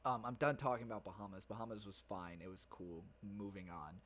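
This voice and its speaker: A man's voice: on the low side, a little fast, fairly bright tone, slight background noise. A young man hosting his own podcast, chatting casually and rambling, swearing freely with plenty of fillers and restarts. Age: young adult. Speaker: podcast host. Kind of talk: casual solo podcast chat.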